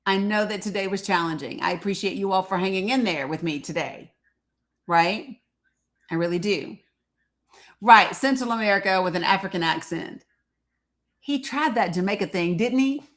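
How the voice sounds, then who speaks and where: Woman, live-stream host, casual and chatty, quick to laugh, mid-pitched voice. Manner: chatty, laughs often, talks straight to viewers. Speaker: livestream host.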